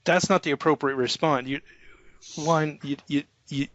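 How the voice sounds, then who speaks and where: A man who manages an IT staff, talking informally about soft skills and acting out example conversations with a light chuckle. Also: on the high side, fairly even intonation, moderate pace, no room sound, dull audio. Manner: conversational, acts out example dialogues, chuckles often. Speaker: IT manager giving career advice.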